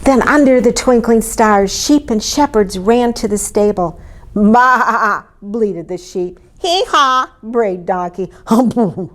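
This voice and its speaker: A woman reading a children's story aloud in an expressive way, inviting her listeners to join in. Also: medium pitch, measured pace, few pauses. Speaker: storybook reader.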